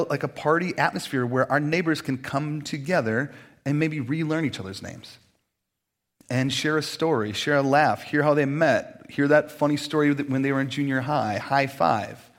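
A middle-aged man, preaching a sermon in a lively storytelling way and acting out the voices he quotes. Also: mid-range voice, moderate pace. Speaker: pastor.

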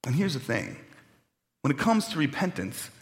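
Male pastor, 30s, heartfelt conversational sermon, mid-pitched voice, reverberant sanctuary. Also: big pitch swings, normal speed. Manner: earnest, conversational with emotional swells. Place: church sanctuary. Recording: long church reverb.

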